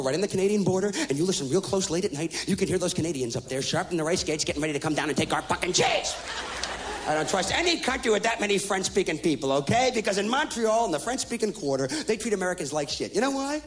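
A man doing a loud, profane, sarcastic stand-up rant on stage before a live audience. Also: high-pitched, slight background noise. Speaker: stand-up comedian. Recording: live show with crowd and music.

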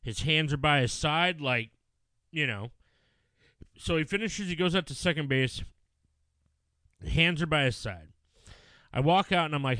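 A man in his thirties, a father who coaches youth baseball, telling a story in casual chat, animated and swearing when angry. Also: fairly high pitch, normal speed, long pauses, clean tone, no echo.

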